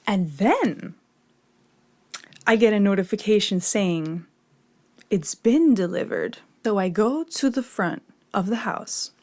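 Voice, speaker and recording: A young woman tells a personal story straight to her viewers in an easy, conversational flow. She is loose and profane, leans on fillers like "like" and "you know," and sits at an ordinary middle pitch for a woman. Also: expressive, slow, pauses often, a little mellow. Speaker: meditation and manifestation vlogger. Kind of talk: casual storytelling to camera.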